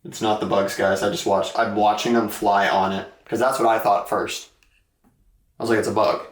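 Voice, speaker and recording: A young man, hosting a ghost hunt in a dark basement and talking to both viewers and spirits in a jumpy, excitable way. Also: lowish voice, normal speed. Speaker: paranormal investigator and host. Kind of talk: casual vlog narration during a ghost hunt. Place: dark basement of an old club. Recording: echoey room.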